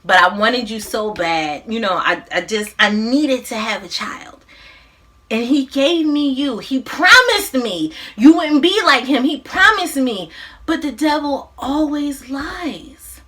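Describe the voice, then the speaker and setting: A woman voicing a tearful, guilt-ridden mother who confesses to her son in a halting, sobbing way. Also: on the high side, fairly bright tone, distant mic.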